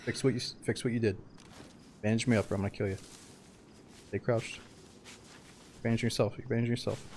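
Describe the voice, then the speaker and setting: A man streaming a survival game, giving live commentary with excitable, profane, joking banter. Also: medium pitch, fairly quick, slight background noise.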